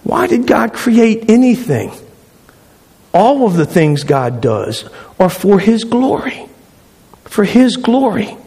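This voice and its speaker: A pastor delivering a sermon, his voice sitting a little high for a man. He speaks emphatically and hammers home his points by repeating phrases. The sound carries a long reverb from a large hall. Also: very animated, slow pace, pauses often, mellow, slightly rough.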